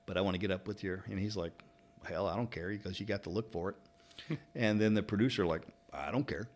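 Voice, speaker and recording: A middle-aged barber from Louisville speaks with a Kentucky accent in a fairly low voice. He is a rambling, lively storyteller in casual conversation, piling up anecdotes. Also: a little fast. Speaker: barber and interviewer. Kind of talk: casual chat.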